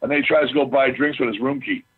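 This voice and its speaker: Man, husky voice, tinny phone-like sound, boisterous storyteller. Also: mid-range voice, fairly even intonation, racing. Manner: boisterous, swears freely. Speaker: guest, former pro football lineman. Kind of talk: casual storytelling.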